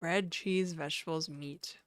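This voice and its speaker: A woman's voice: low-pitched, steady tone, unhurried, no echo, clean studio sound. A woman livestreaming from home, casually chatting and reading her chat aloud with easy laughs. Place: home in Toronto.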